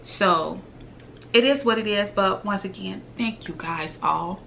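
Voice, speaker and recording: Earnest woman vlogger, bright forceful voice. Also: mid-range voice, a little slow, gravelly, slight background noise. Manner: earnest, heartfelt, repetitive, slips into whispers. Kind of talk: emotional direct-to-camera talk.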